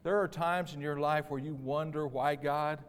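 A man preaching a sermon, moving between quiet, tender stretches and loud, emphatic passages. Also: fairly high pitch, steady tone, normal speed, slight background noise. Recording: long hall reverb.

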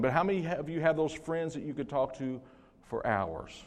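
An older man preaching a sermon as pastor in a church, swinging from hushed to loud with joking asides. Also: fairly high pitch, animated, normal speed. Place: church sanctuary. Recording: long reverb of a church hall.

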